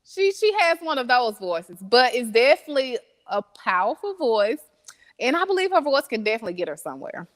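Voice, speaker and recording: Woman guest with a high voice, slow talker, giggly, long reverb on her. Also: big pitch swings. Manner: laughs often, slow drawn-out answers with fillers. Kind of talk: casual interview chat.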